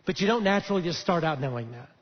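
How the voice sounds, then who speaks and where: A pastor with a high voice gives a sermon in a loose, conversational way, pausing often on fillers. His voice carries a long reverb in a church auditorium. The sound is a bit muffled. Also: lively intonation. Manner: conversational storytelling with frequent fillers. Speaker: lead pastor. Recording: dull echoey church hall.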